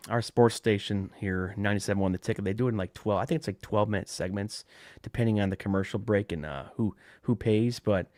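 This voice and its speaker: A man with a fairly low voice hosts a live-streamed podcast, chatting loosely to his viewers. He rambles off the cuff, circling back with fillers and restarts. His voice sits close to a covered desk microphone with a dry, deadened sound. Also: quick pace, a little mellow, no room sound. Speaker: podcast host. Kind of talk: casual live-stream chat.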